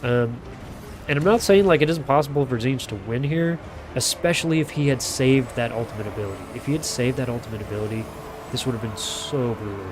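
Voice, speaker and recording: A man's voice: mid-range voice, brisk. A man giving casual, rambling live commentary on a strategy video game, with lots of fillers and self-corrections. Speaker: game caster. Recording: audible background noise.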